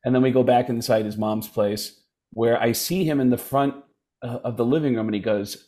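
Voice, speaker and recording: Animated male comedian telling stories. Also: medium pitch, moderate pace. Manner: animated, acts out voices in stories. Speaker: stand-up comedian guest. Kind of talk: casual storytelling chat.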